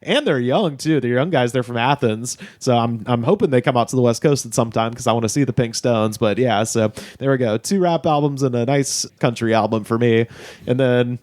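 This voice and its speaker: A man chatting casually on a podcast panel, animated, opinionated and quick to swear. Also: medium pitch, no echo, clean studio sound. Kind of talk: casual chat.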